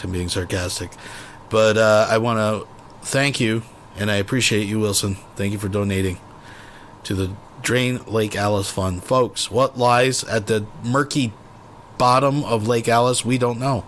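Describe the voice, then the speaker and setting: Man, commentary host, sarcastic, mocking, profane, lower pitch, faint hiss. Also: steady tone, unhurried, fairly bright tone. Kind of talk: sarcastic commentary over played clips.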